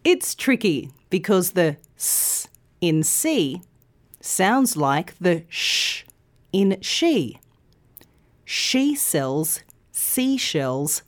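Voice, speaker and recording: A woman hosting a podcast lesson, enunciating each sound slowly and clearly. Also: mid-range voice, a little mellow. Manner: slow, clear, exaggerated enunciation. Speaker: podcast English teacher. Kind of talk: scripted pronunciation lesson.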